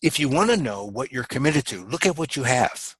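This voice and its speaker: A man's voice: mid-range voice, sing-song, brisk, a bit bright, husky, no room sound, poor audio. A man giving a motivational coaching talk in a webinar, earnest and emphatic, repeating his key phrases. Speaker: business coach.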